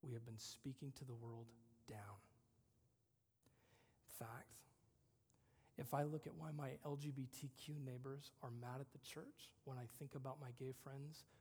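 A male pastor preaching a conversational sermon, moving between loud emphasis and hushed whispers. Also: medium pitch, fairly even intonation, moderate pace, pauses often, husky, big-room sound.

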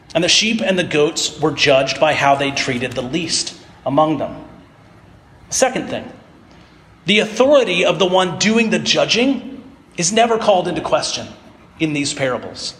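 A man's voice: a little high, a bit bright. A man giving a sermon and retelling parables in a casual storytelling way. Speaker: pastor. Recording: echoey hall reverb.

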